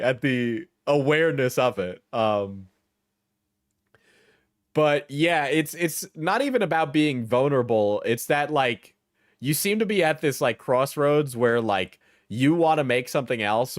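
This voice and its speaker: A man hosting a live stream, reacting with rambling, halting commentary and frequent laughs. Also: medium pitch, no room sound, clean studio sound. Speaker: streamer host.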